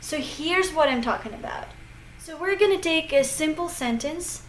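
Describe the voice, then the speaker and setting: Woman, high voice, slow careful delivery, language teacher demonstrating phrases; echoey room, faint noise. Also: lively intonation. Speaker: English teacher. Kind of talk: English pronunciation lesson.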